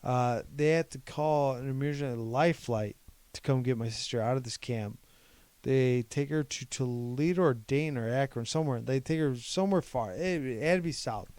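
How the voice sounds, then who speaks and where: A young man from Ohio co-hosts a podcast, telling a long personal story in a rambling, casual way and quoting what other people said. His voice is medium-pitched and a little mellow, at a normal speed. The recording is dry.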